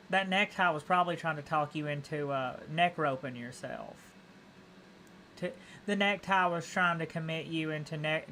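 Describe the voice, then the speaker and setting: A man's voice: a little high, bright, forceful tone, a little hiss or hum. A man streaming a video game, rambling goofily with restarts and laughing at himself in casual commentary. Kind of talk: casual let's-play commentary.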